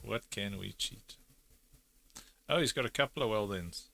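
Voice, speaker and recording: A man hosting a casual live editing session, thinking aloud and cracking jokes as he works. His voice is on the low side and very bright, with faint noise behind him. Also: measured pace, vocal fry. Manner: chatty, joking, thinking aloud. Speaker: film editor, streaming host.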